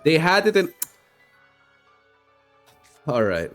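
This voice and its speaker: A man giving casual, rambling commentary while he streams a card game, his pitch swooping up and down as he mocks his own bad luck. Soft music plays faintly underneath him. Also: takes it slowly. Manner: animated, self-mocking, rambling with many "like"s.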